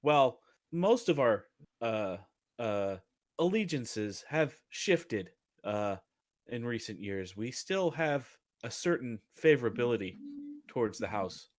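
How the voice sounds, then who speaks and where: A man voicing a formal, solemn warforged servant who speaks in a stiff, halting way. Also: mid-range voice, sing-song.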